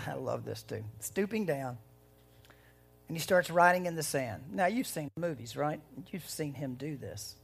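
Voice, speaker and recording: A pastor giving a conversational sermon, swinging between loud, rising bursts and hushed moments. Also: medium pitch, lively intonation, a little slow, gravelly, husky, faint music behind.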